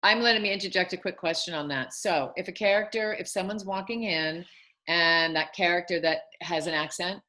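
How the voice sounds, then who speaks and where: A woman's voice: lowish voice, normal speed, sharp tone. A woman hosting an interview, asking long winding questions of a guest. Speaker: host and acting coach.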